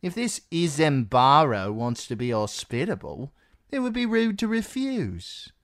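A man's voice: a little high, very animated, unhurried, no echo, pitched above the performer's own voice. A cocky young guardsman, smug and leering, his voice jumping up with swagger, as a male narrator acts him out. The read is dry and up close.

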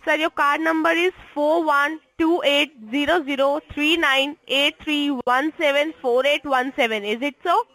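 A woman on a phone call reading a scripted offer, fast and repetitive, insisting the caller agree. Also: high voice, fairly even intonation, pushed and bright. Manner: reads a script fast, repeats lines insistently. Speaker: phone scammer. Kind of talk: scripted phone sales pitch.

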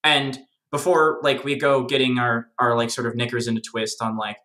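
A speaker in a relaxed lore chat, bright-toned and animated, circling back with fillers and restarts. There is a roomy echo around the voice. The manner is jokey and eager. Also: medium pitch, moderate pace. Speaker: guest lore explainer. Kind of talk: casual discussion.

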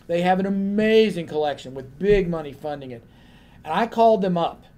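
A man on a panel telling a lively anecdote and acting out the other people in his story. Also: high-pitched, brisk.

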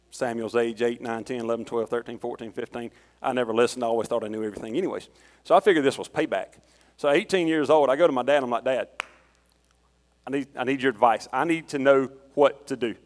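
Man preaching in an echoing church. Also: medium pitch. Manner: conversational, storytelling with personal anecdotes. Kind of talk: sermon. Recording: long reverb of a church hall.

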